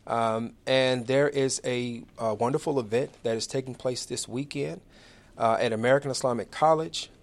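A man's voice: mid-range voice, steady tone, moderate pace. A man in his forties hosting a live radio talk show from a studio, chatty, friendly and upbeat as he runs through announcements.

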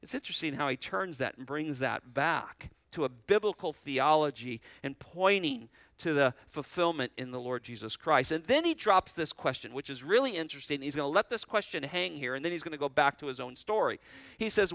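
In this rough, dry recording with no room sound, a male pastor preaches an expository sermon in a voice on the high side. He takes the scripture reading slowly, explains it at a brisk clip, and animatedly shifts between loud and soft passages.

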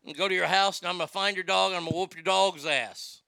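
Male host, casual rambling chat, stammers and swears, smooth resonant voice. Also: high voice, steady tone, quick pace, pushed and bright, no echo, studio quality. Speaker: show host.

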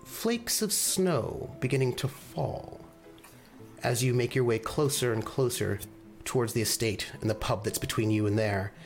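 Guy running a tabletop game, narrating the scene, lots of ums and restarts, faint music under. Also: medium pitch. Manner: halting, many fillers and restarts. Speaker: game master.

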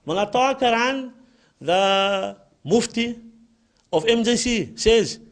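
High-voiced Cape Town preacher. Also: male voice, animated, slow. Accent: Cape Town South African. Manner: emphatic, repeats key points. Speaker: Islamic lecturer. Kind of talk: religious lecture.

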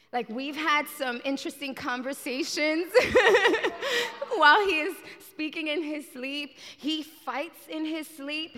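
A woman in her thirties preaching a sermon in church, telling a personal story with lots of giggles. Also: high-pitched. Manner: warm, giggly, animated storyteller. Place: church sanctuary. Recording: long reverb in a large hall.

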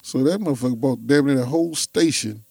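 A man tells a story in casual talk, jumping into the voices of the people in it. His voice sits at an ordinary pitch and the sound is dry and close. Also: a little fast, vocal fry, breathy edge, no room sound. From Chicago. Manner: animated storyteller, acts out voices. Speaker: guest telling stories.

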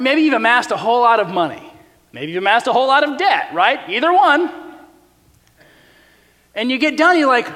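A man preaching with a high, very lively voice that swoops up and down as he acts out quotes in a chatty way. His sermon rings through a church sanctuary with a long echo trailing after it. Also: normal speed, long pauses. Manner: animated, conversational preaching with acted-out quotes. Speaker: pastor.

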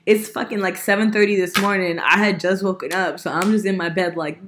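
A young woman telling a story in casual podcast chat, animated, laughing often and swearing freely, a little sick. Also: medium pitch, a little fast, hardly any pauses, a little hiss or hum. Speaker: podcast host.

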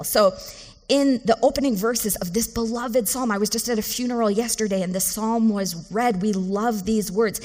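A woman's voice: medium pitch, moderate pace, a little mellow. Earnest woman preaching in a reverberant church. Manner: conversational, earnest, with frequent restarts. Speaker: pastor. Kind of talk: sermon. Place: church sanctuary.

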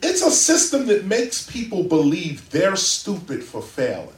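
A man speaking as a guest before a live audience in a library, lecturing in an animated, emphatic way. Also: high voice, unhurried. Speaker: interview guest. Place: public library event room. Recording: roomy, distant mic.

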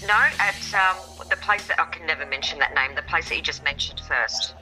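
A woman's voice: deep voice, a little fast, pushed and bright, faint music behind, poor audio. A woman with an Australian accent, a guest chatting in a sassy, friendly, talkative way. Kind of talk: casual chat.

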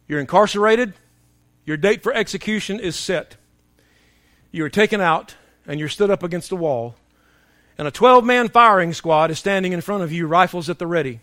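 A man preaching a sermon, emphatic and humorous, swinging between shouting and hushed tones as he tells stories. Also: sits high, normal speed, dry recording, clean studio sound. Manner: storytelling with humor.

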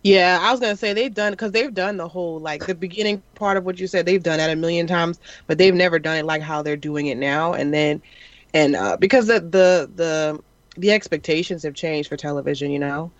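A chatty man talking eagerly about television. His voice sits somewhat high for a man. The sound is dry and muffled, like a budget home recording. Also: brisk, no room sound. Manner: chatty, enthusiastic. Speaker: podcast co-host. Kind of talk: casual chat.

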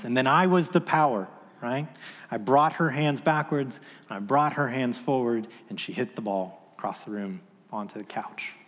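A man's voice: medium pitch, long reverb tail. A man in his thirties preaching a sermon, telling a story in a casual, conversational way with filler words. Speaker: pastor.

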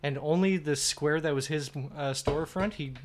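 Male podcast guest, loose rambling storyteller, a touch high-pitched, laughs a lot. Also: normal speed, a crowd in the background. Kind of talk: casual chat, telling a joke.

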